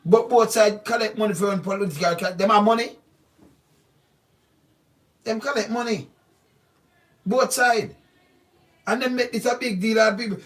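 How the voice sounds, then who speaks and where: A man's voice: high-pitched, moderate pace, pauses often, a bit bright, distant mic. A man with a Jamaican accent giving an emphatic, repetitive political commentary monologue, pressing his points with insistent questions.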